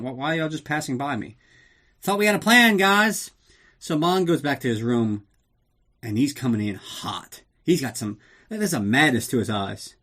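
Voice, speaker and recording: A man hosting a podcast, recapping a film casually in a rambling, sarcastic way with lots of swearing. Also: mid-range voice. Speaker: podcast host.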